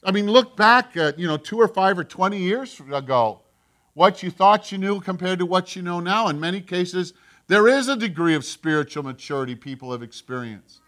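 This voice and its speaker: A male pastor preaching a sermon, animated, acting out the voices he quotes. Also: high-pitched, moderate pace.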